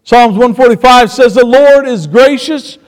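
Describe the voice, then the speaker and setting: A man preaching a sermon, shifting between quiet storytelling and emphatic points. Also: very high-pitched, a little slow. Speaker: pastor. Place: church sanctuary. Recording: long reverb of a church hall.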